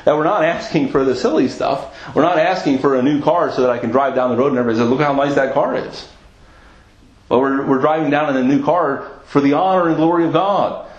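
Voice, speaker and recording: Pastor, male, slightly high voice, earnest sermon delivery, echoey lo-fi church recording. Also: fairly quick. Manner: earnest preaching, repeats phrases for emphasis.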